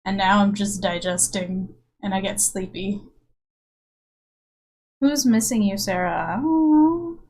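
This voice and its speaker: A woman's voice: medium pitch, measured pace, pauses often, low-quality recording. A woman streamer and comic artist in casual, rambling live-stream chat with her viewers, self-mocking and chatty.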